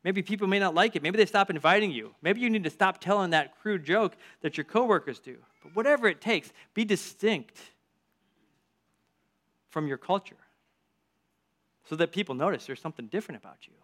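Energetic man preaching a sermon. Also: sits high, brisk. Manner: energetic, varied emphasis, storytelling asides. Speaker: church group leader.

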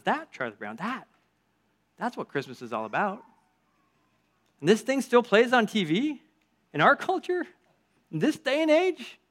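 A man leading a church group, giving a lively sermon with storytelling asides and strong shifts of emphasis. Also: high-pitched.

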